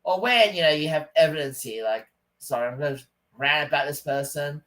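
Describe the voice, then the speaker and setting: Rambling man with a higher voice. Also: expressive, normal speed, a bit bright, poor audio. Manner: rambling, stop-start, aggrieved. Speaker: vlogger. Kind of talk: casual rant to camera.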